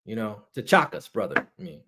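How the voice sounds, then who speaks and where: A man who reviews movies and shows online vents to viewers at an ordinary pace, getting excitable, rambling and saying things again. Getting worked up makes his voice crack into a high register.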